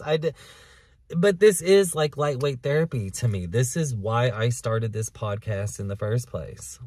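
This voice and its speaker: A man hosting his own podcast in a candid, profane, emotional monologue, sometimes loud and sometimes hushed, recorded outdoors in a park on the camera's mic. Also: mid-range voice, animated, unhurried, no echo. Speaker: podcast host. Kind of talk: confessional solo podcast monologue. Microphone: camera recording him.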